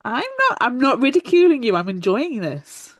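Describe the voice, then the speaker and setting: A woman's voice: fairly high pitch, very animated, moderate pace, no echo. A woman co-hosting a book podcast in a playful, amused way. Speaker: podcast co-host. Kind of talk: casual book-club chat.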